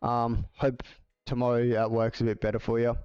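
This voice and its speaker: A man's voice: mid-range voice, completely flat delivery, moderate pace, clean tone, no echo. A man chatting casually on a livestream, rambling along with lots of filler words. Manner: rambling, filler-heavy with many "like"s. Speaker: livestreamer and video editor. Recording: slightly dull audio with faint music.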